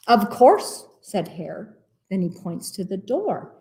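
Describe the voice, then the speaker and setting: At a library storytime, a woman with a medium-pitched voice reads slowly from a rhyming picture book. She's playful and expressive, tossing in comments about the pages.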